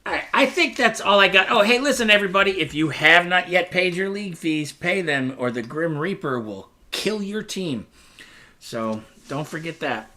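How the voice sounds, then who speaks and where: A man co-hosting a podcast in a casual, joking style, who rambles and rants with animated energy. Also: high-pitched, normal speed. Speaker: podcast co-host. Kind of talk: casual chat.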